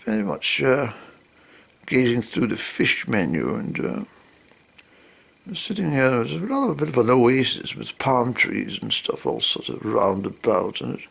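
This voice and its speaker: A man's voice: mid-range voice, sing-song, measured pace, gravelly, a bit bright, husky. A man telling a humorous personal anecdote in a rambling way, full of fillers and asides. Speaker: storyteller.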